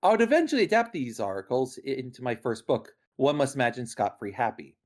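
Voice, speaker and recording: A podcast guest and critic reading a prepared explanation, earnest and lively, correcting themself now and then. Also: medium pitch, fast.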